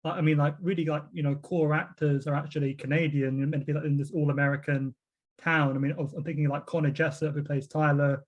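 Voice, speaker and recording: A man's voice: a little high, level tone, quick pace, dull audio. A British man interviewing a guest, asking long rambling questions in a casual way. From Britain. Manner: rambling questions, frequent murmured agreement.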